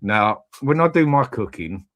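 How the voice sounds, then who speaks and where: A man's voice: medium pitch, expressive, measured pace, fairly bright tone. A man hosting a casual live chat, rambling and swearing freely. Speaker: channel host.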